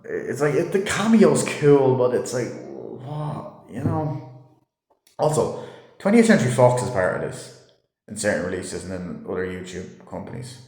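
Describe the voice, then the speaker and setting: A man's voice: medium pitch, darkish tone. A man giving a casual, rambling movie review, swearing freely and filling gaps with "like" and "you know". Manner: loose and rambling, swears a lot, many fillers. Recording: roomy echo.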